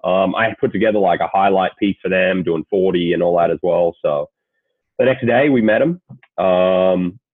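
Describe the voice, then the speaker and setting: Deep-voiced Australian man on a tinny line. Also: normal speed, no echo. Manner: laid-back, swears freely, many fillers. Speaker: guest, sports agent. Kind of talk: casual storytelling. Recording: tinny phone-like call audio.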